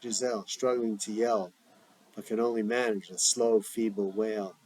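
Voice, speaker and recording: Man reading a script aloud with stage directions; plain, deliberate, even. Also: fairly low pitch, breathy edge, low-quality recording. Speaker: script reader.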